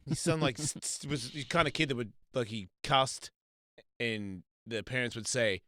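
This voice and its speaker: A man's voice: mid-range voice, moderate pace, no echo, clean studio sound. A man hosting a casual live stream, telling crude, rambling stories and acting out other people's voices. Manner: crude, rambling storyteller with loud quoted voices. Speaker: host.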